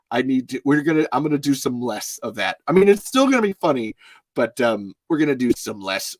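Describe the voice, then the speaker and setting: A man's voice: medium pitch, no echo. A man hosting a show, chatting casually in a rambling way, often swearing and laughing. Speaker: host. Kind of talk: casual chat.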